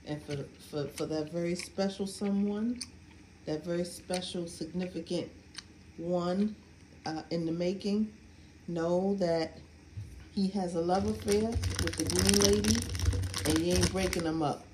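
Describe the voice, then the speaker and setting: A woman co-hosting a podcast, teasing and quick-witted in a casual chat. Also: fairly low pitch, steady tone. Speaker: podcast co-host. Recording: echoey room with loud hiss.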